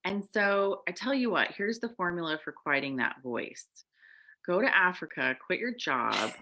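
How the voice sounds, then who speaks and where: A woman co-hosting a podcast as a coach, telling her story in casual chat and acting out the quoted voices. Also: normal speed. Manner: animated, acts out quoted voices with big pitch jumps.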